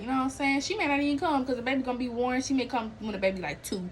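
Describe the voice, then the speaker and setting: A woman with a high voice races through her podcast talk, recorded at low quality with a little hiss or hum. She covers celebrity and viral news casually and animatedly, using lots of slang, laughing often and acting out quotes.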